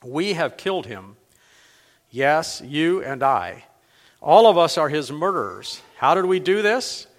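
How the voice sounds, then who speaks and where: A frantic madman fires off anguished, rhetorical questions, as a man reading aloud puts him on. The voice sits a little high for a man and rings with long reverb from a large hall. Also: sing-song, measured pace. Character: frantic grieving male madman crying out.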